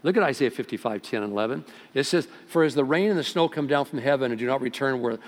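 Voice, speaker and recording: Man preaching in an echoing hall. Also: quick pace. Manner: preaching with sudden rises in volume and pitch. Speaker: pastor. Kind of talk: sermon. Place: church sanctuary. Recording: long hall reverb.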